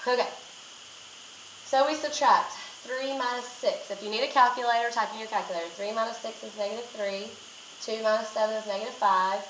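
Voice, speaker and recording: A woman's voice: mid-range voice, fairly even intonation, moderate pace, fairly bright tone. A woman teacher talking through a recorded math lesson step by step, repeating key points. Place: classroom. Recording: echoey room, faint noise.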